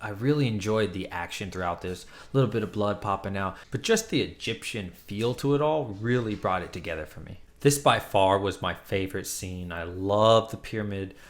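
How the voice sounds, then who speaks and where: A man's voice: lowish voice, moderate pace, hardly any pauses. A man casually reviewing a comic book, retelling the plot with enthusiastic, chatty energy.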